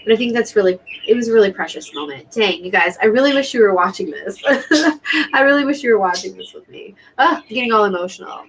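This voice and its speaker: A woman's voice: medium pitch, animated, fast talker, breathy edge, rough recording. Chatty woman hosting a live watch party. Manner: chatty and emotional, talks straight to viewers. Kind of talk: casual live commentary to viewers.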